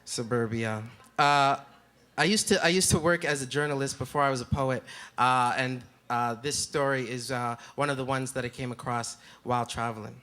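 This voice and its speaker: A man's voice: mid-range voice, fairly even intonation, normal speed, pushed and bright. A man from Calgary, performing spoken word poetry on stage with a rhythmic, dramatic delivery. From Calgary, Canada. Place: festival stage before a live audience.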